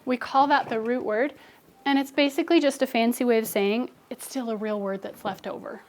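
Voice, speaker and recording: A woman's voice: fairly high pitch, fairly even intonation, fairly quick, a little hiss or hum. A young adult woman teacher leading a phonics lesson with children, coaching them and adding asides to other teachers. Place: classroom. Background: children in class.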